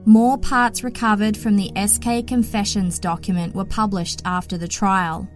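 A woman hosting a podcast, narrating a true-crime story in an even, matter-of-fact way. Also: mid-range voice, normal speed, faint music behind. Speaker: podcast host.

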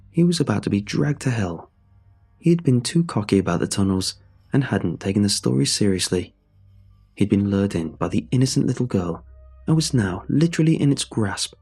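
A man narrating a true horror story in a measured, suspenseful way. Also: lowish voice, darkish tone, breathy edge.

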